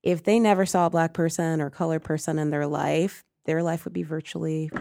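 Animated Caribbean-born woman, lowish voice. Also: brisk, gravelly, a little hiss or hum. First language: Spanish. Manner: animated storyteller, laughs often. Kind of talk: casual conversation.

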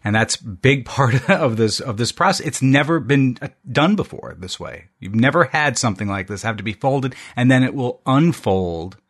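A man's voice: medium pitch, normal speed, hardly any pauses. A man in his fifties co-hosting a casual science chat, laughing often as he talks and reading facts aloud. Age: 50s. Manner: lively, laughs mid-sentence, reads aloud. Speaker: podcast co-host.

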